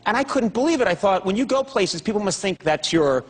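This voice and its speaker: A man hosting a talk show, interviewing a guest with playful jokes and quick asides. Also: high-pitched, animated, husky. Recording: studio audience and room noise.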